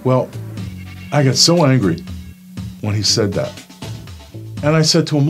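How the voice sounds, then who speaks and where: A man's voice: mid-range voice, animated, unhurried, long pauses, faint music behind. A man from Brooklyn, giving a personal testimony and acting out the voices in it. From Brooklyn, New York. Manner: storytelling, acts out quoted voices.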